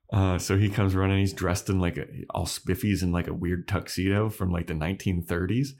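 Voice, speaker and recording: A man's voice: low-pitched, fairly even intonation, unhurried, vocal fry, darkish tone, a little hiss or hum. A man co-hosting a podcast, casually recapping an episode scene by scene with loose asides. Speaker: podcast co-host. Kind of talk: casual chat.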